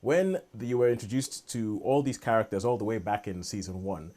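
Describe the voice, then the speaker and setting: A man's voice: lowish voice, fairly quick, darkish tone. Chatty, rambling male podcast host. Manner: rambling, restarts sentences often. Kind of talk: casual chat.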